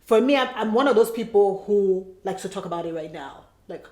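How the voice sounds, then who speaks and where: A woman's voice: medium pitch, a little fast, echoey room. A woman born in Nigeria co-hosting a podcast, telling stories animatedly and acting out quotes. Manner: animated storyteller, acts out quotes. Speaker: podcast co-host. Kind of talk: casual chat.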